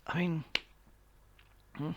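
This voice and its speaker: A young man co-hosting a podcast recaps a film in a very slow, slightly mellow voice with the highs cut off. He's sarcastic, swears freely, and throws in mocking asides during the casual chat.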